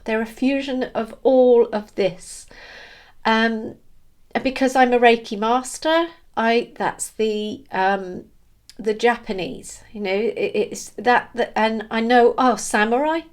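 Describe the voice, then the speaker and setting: Woman vlogger, slightly high voice, unhurried and halting, earnest reflective spiritual monologue. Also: steady tone. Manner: halting, searching for words with many restarts; earnest and openly emotional.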